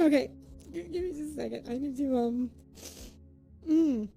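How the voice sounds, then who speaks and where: A woman's voice: high voice, normal speed, gravelly, long pauses, mellow, soft background music. A woman live streamer chatting casually with her viewers, thanking them by name and swinging between giggles and near tears.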